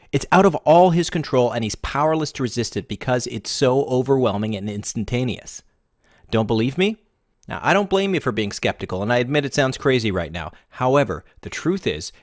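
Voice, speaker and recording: A man narrating a scripted sales pitch as a relationship consultant, in breathless, hyped-up salesmanship. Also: no room sound, clean studio sound.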